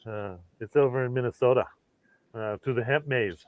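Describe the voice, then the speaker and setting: A man's voice: medium pitch, normal speed, no room sound, natural voice. A man putting on the voice of a cheerful, folksy Minnesota local as a joke. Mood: playful. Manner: jokey put-on regional drawl. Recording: tinny phone-like dry sound.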